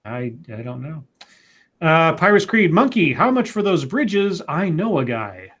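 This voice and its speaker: A man in his forties with a slightly higher voice co-hosts a casual live show. He reads viewer comments aloud and rambles through his answers, restarting his sentences with stammers. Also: very animated, unhurried, fairly bright tone. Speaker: co-host. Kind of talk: casual livestream chat reading viewer comments.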